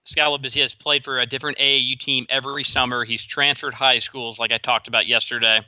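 A man hosting a sports talk show alone, giving opinionated commentary with quick restarts. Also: medium pitch, level tone, pushed and bright, dry recording. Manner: opinionated, rapid with frequent restarts.

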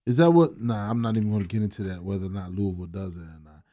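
A man's voice: fairly low pitch, racing, warm tone. A man hosting a sports talk radio show, joking loosely and laughing often.

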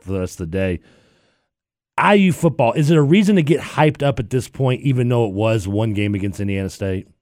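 A man's voice: mid-range voice, darkish tone, no echo, studio quality. A man hosting afternoon sports talk radio, chatty, laughing often and telling stories. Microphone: studio microphone.

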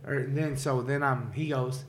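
A man's voice: medium pitch, steady tone, a little slow. Male co-host, easygoing storyteller, mid-range voice, light background hiss. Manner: loose, profane, laughs often, heavy use of like and dude. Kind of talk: casual storytelling chat.

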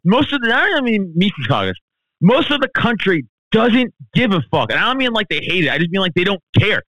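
Profane, ranting man, fairly high voice. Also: sing-song, a little fast, fairly bright tone, dry recording, low-quality recording. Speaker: guest, comedian. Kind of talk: podcast interview.

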